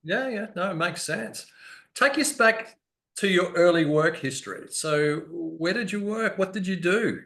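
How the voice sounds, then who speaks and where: A man's voice: high-pitched, lively intonation, measured pace, gravelly, pushed and bright. A man hosting a casual interview, chatty and agreeable, prompting with questions. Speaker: host.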